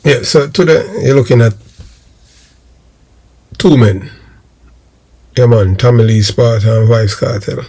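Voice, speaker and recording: A Jamaican man talks through crime stories on his own channel, his voice rough with a gravelly fry. He is set in mid pitch, rambles, circles back on his phrases and leans on fillers as he goes. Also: unhurried, pauses often, warm tone, soft background music. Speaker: YouTube channel host. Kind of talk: casual crime commentary.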